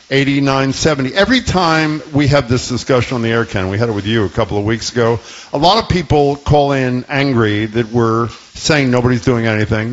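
A man's voice: medium pitch, lo-fi sound. A man hosting a call-in radio talk show, earnest and questioning, his voice rising and falling.

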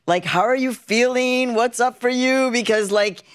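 A woman's voice: a little high, measured pace. A woman hosting a live interview, chatty and playful, dropping in a few Spanish words. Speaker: host. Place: live event space with an audience. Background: faint audience.

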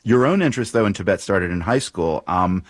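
A male podcast host asks his guest questions in a measured, thoughtful way. His voice is very low and sounds dry and close to the mic. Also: lively intonation, no echo. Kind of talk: interview questions.

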